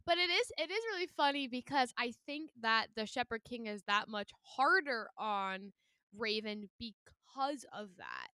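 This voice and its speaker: A woman's voice: fairly high pitch, sing-song, measured pace, pushed and bright, smooth, dry recording. A young woman co-hosting a podcast, chatting casually about a book in a bubbly, giggly way with lots of "like". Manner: bubbly, giggly, heavy filler "like". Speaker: podcast co-host.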